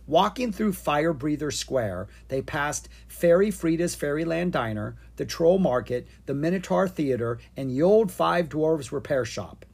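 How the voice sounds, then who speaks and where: A reader narrating a children's storybook in a lively, expressive way. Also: medium pitch, a little slow, creaky, hardly any pauses, slightly rough. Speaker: audiobook reader.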